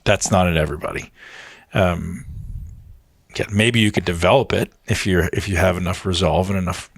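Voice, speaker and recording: A man's voice: low-pitched, fairly even intonation, moderate pace, creaky, no echo. A man in a casual podcast conversation, talking emphatically, swearing freely and acting out what people say to themselves. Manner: emphatic, swears freely, acts out inner voices. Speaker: fitness coach being interviewed.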